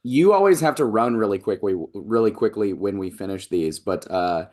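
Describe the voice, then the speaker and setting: Low voiced guy on a comics podcast, lots of ums and restarts. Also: expressive, moderate pace, darkish tone. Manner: hesitant, many fillers and restarts. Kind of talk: casual podcast chat.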